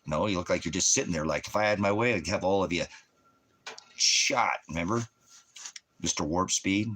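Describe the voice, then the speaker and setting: Ministry host, male, angry profane ranter, low-pitched tense voice, combative. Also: moderate pace, slight background noise. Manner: angry, scornful, loud and combative. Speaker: ministry host reading viewer comments. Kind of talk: profane livestream rant.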